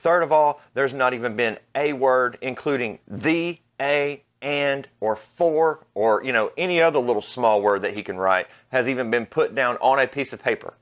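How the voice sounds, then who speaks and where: A man's voice: medium pitch, moderate pace, hardly any pauses, fairly bright tone, dull audio. A man hosting his own channel, delivering a blunt, mocking, profane opinion rant. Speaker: vlog host. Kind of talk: ranting opinion commentary.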